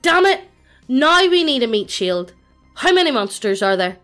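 A woman's voice: on the high side, sing-song, normal speed, fairly bright tone, faint music behind. A synthetic woman's voice reading the lines of an impatient, exasperated rogue.

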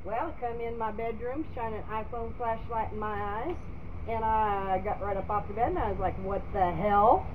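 A woman's voice: on the high side, moderate pace, phone-quality sound, noisy background. A woman casually telling a detailed story of something that happened to her. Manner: recounts events in detail, animated.

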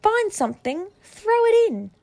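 A woman voicing a kind young fairy in a storybook reading, calling out excitedly. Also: very high voice, unhurried, pitched above the performer's own voice, full character voice. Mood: grateful.

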